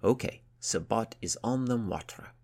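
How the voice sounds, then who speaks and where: A man's voice: lowish voice, lively intonation, normal speed, darkish tone, pitched above the performer's own voice. A man voicing a bold, curious young girl sailor who repeats new words carefully.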